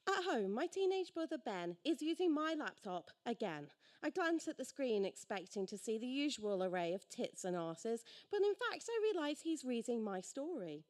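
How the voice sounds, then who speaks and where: A woman's voice: fairly high pitch, big pitch swings, normal speed, a little mellow. A woman reading her own story aloud at a live storytelling night, sardonic and acting out the dialogue.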